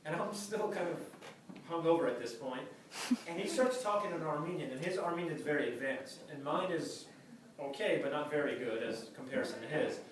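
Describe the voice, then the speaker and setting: A man's voice: fairly high pitch, a little fast, background noise. A man telling a comic anecdote to a live audience, acting out the other people in it. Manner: animated, acts out the voices of others. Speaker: storyteller. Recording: very echoey, from far off, audience laughter.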